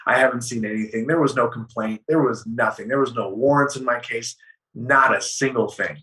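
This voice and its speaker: Man, interview guest, bright edge, a little off-mic, animated, swears, acts out dialogue. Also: mid-range voice, fairly quick, far from the mic, low-quality recording. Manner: animated, profane storytelling, acting out dialogue. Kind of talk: casual storytelling interview.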